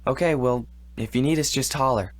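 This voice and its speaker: A man's voice: mid-range voice, brisk, no room sound, natural voice. Man voicing an earnest teenage boy detective. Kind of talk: video game voice acting.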